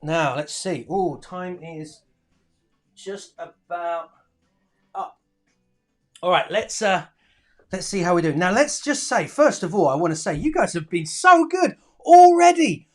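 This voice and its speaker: A teacher runs a live online lesson for children. The voice keeps up a steady stream of encouragement, reading pupils' answers aloud and piling on praise. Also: mid-range voice, a little slow, long pauses, faint music behind. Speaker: primary school teacher.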